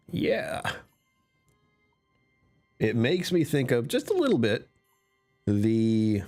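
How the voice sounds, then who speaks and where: A man's voice: medium pitch, huge pitch swings, measured pace, a little mellow, soft background music. A man streamer chatting casually with his live chat, answering comments and laughing often.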